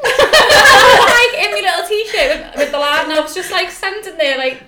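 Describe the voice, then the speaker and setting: A young woman with a high, bright-sounding voice tells stories in a casual chat, laughing as she goes. The sound is roomy and echoey, with clear noise behind her. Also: moderate pace. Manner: animated storytelling, laughs often. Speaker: podcast guest.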